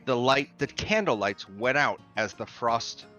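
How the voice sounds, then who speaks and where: A man acting as game master, narrating a tabletop game in an animated, storytelling manner over a headset. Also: medium pitch, unhurried, dull audio, soft background music.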